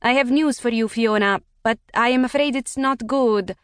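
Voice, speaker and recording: A woman's voice: on the high side, moderate pace, smooth, no room sound, studio quality, voice pushed up, lightly acted. A woman putting on a polite Italian caller. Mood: polite, apologetic. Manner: formal, apologetic, careful.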